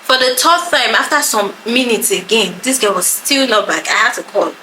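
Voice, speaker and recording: Woman, storyteller, pitched a bit high, echoey room with audible noise. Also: normal speed. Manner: animated storytelling, acts out quoted voices. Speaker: podcast co-host telling a story. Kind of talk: casual story time chat.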